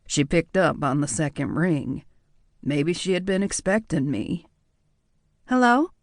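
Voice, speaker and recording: A man reading a first-person audiobook in a measured, reflective way. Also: a little high, a little mellow, no room sound, clean studio sound. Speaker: audiobook narrator.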